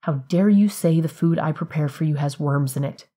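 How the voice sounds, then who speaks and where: A woman's voice: low voice, normal speed, mellow. A woman playing an exasperated, worn-out daughter. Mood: angry. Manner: clipped, exasperated. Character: worn-out adult daughter and mother, sharp.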